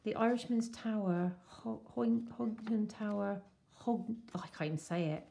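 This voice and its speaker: A woman chatting casually and excitedly as she unwraps a craft swap parcel. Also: mid-range voice, gravelly, slight background noise. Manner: gushing, excitable, slow-paced. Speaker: crafting vlogger. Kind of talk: casual unboxing chat.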